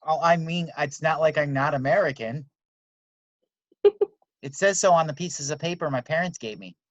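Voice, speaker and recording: A man with a slightly high voice hosts an online open mic in casual chat and jokes easily. His audio is dry and dull, like a home video call. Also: normal speed, no room sound. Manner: relaxed, joking.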